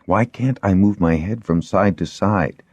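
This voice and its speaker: A man's voice: sits low, unhurried, a little mellow, breathy edge, dry recording, voice pushed up, full character voice. A male reader voicing a young lord recovering from a fever, weak but teasing.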